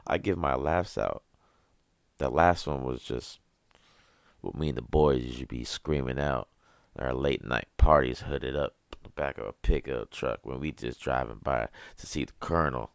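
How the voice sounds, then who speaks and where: Deep, rumbling and gravelly, a young man's voice carries an expressive podcast monologue at a moderate pace. As the host he rants, rambles, swears freely and laughs at his own jokes, with dry, close sound and no room echo.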